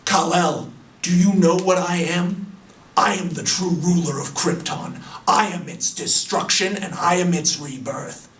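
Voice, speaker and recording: A man's voice: sits high, a little slow, a bit bright, roomy sound. Evil computer brain villain, cold and grand, guy doing it, far off mic. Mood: menacing. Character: menacing male computer intelligence, cold and grandiose.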